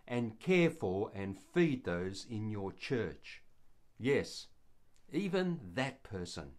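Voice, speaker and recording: An older man narrating a devotional Bible story in an earnest, measured way. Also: mid-range voice, big pitch swings.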